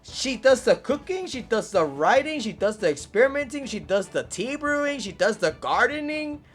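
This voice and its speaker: A young woman streaming a detective game, riffing loudly on the story and swearing now and then. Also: on the high side, moderate pace, hardly any pauses, husky, faint music behind. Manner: animated, swears and laughs, riffs on the story. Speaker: gaming streamer. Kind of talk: let's-play commentary, reading game dialogue aloud.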